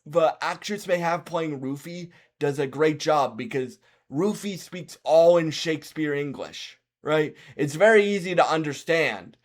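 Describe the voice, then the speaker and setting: Halting, slow-talking young man. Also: fairly high pitch, lively intonation. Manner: halting, restarts and repeats words often; earnest, encouraging advice to viewers. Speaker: film reviewer on his own channel. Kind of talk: casual spoken movie review.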